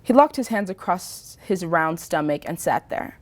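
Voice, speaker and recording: A woman reading a story aloud in a slow, measured narration. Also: lowish voice, animated. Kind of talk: audiobook reading.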